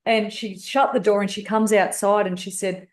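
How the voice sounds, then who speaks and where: A woman's voice: mid-range voice, steady tone, normal speed, roomy sound. A woman with an Australian accent telling her life story candidly as a podcast guest, blunt and swearing freely. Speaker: guest speaker and author.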